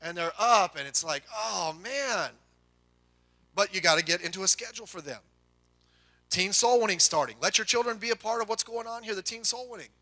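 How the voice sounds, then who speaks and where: A middle-aged man preaching a sermon to a congregation, telling folksy family stories with quick asides. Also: high voice, pushed and bright. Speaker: pastor.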